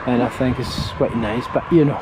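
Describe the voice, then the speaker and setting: A man with a mid-range voice films a vlog on a handheld camera while walking residential streets outdoors, speaking at a moderate pace. He rambles in a friendly, chatty way, pointing things out as he goes, with street noise and passing traffic behind him.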